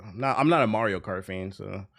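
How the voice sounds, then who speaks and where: A man with a lowish, gravelly yet fairly bright voice hosts a livestream, talking briskly. In casual chat with his viewers he rants bluntly and profanely, frequently breaking into laughter.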